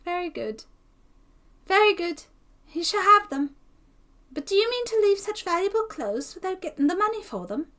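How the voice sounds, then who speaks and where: A woman's voice: extremely high pitch, very animated, moderate pace, long pauses, bright, forceful tone, voice pushed up, full character voice. A woman doing a gloomy young apprentice boy. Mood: sarcastic. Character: timid gloomy young male barber's apprentice.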